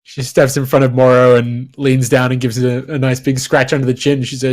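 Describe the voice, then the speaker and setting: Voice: mid-range voice, level tone, brisk, darkish tone. A game master narrating a tabletop game, often laughing while talking.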